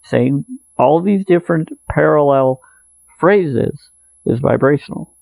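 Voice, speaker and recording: Gravelly, mellow-voiced man musing on prayer. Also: fairly high pitch, slow, no room sound, poor audio. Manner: earnest, meandering, repeats phrases, soft laughs. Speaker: spiritual video maker. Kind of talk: rambling spiritual monologue.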